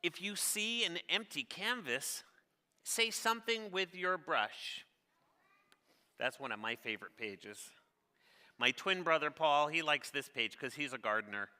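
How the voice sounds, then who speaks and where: A man's voice: fairly high pitch, expressive, unhurried, sharp tone, smooth. A middle-aged man, a children's author, reads his picture book aloud in an interactive session, cheerfully asking the audience questions and urging them on. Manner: upbeat, encouraging, asks the audience questions. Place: large theater stage. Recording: long reverb of a theater hall.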